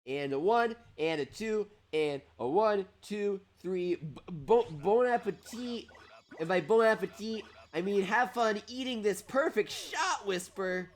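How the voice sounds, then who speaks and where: A man hosting a livestream, giving excitable, chatty commentary on a mobile game while reading out viewer questions. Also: high voice, measured pace, hardly any pauses. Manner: excitable, animated and chatty, often breaking into laughter. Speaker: streamer and host. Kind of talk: live gameplay commentary reading chat.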